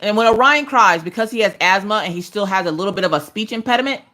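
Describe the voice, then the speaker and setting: A woman in her thirties hosting a livestream from her couch at home, chatting casually and telling animated stories, slipping into voices for the people she quotes. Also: mid-range voice, quick pace. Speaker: livestream host. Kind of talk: casual chat while crafting.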